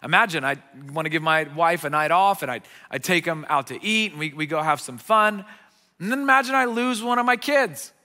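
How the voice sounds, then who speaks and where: A middle-aged man preaching a sermon as a guest pastor, telling a story with lively acted-out voices. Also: a little high, brisk, big-room sound. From United States. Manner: animated storyteller, acting out quoted voices. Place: church sanctuary.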